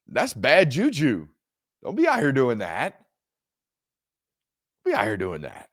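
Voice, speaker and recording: A man, hosting a football reaction stream in a casual, animated way and talking straight to his viewers. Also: medium pitch, takes it slowly, long pauses, no echo, studio quality. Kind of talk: casual commentary.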